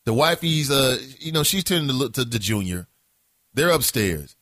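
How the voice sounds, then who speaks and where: A man hosting a casual morning talk show, telling a story in an animated, profane way. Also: medium pitch, normal speed, no echo, clean studio sound. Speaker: host.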